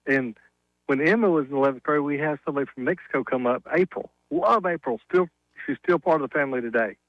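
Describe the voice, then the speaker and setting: A man with a Southern accent calls in to a radio show, chatty and folksy, laughing at his own jokes. His voice sits a little high. The sound is dry and close. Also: fast talker, dry recording, dull audio. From Alabama. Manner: folksy, chatty storyteller who laughs at himself. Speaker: caller, flooring business owner. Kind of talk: casual radio call-in chat.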